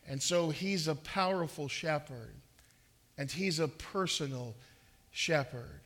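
A male pastor delivers a sermon in a high, ringing voice. He speaks with earnest emphasis, leaning into key phrases and often repeating words as he builds each point. The tone is bright and forward throughout. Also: unhurried.

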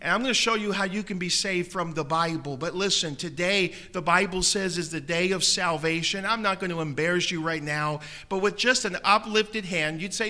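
Preaching in a church auditorium, this male pastor shares a gently humorous story before softly urging his listeners to raise their hands for prayer. His voice is high, his pace moderate, and he barely pauses.

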